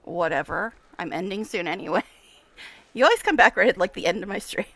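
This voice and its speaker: A woman's voice: medium pitch, animated, a little fast, fairly bright tone, no room sound. A woman streaming a game, chatting casually and gushing with frequent giggles. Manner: giggly and gushing, laughs often. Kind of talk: casual livestream chat while reading game dialogue aloud.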